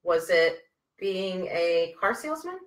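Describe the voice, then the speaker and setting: A woman's voice: lowish voice, big pitch swings, slow pace, low-quality recording. A woman hosting a podcast, asking curious follow-up questions in a casual chat. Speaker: podcast host.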